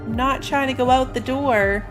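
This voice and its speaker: A woman's voice: sits high, normal speed, over music. A tired woman with school-age kids, chatting casually while playing a game, rambling and yawning now and then. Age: adult with school-age kids. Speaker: gaming streamer. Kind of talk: casual let's-play commentary.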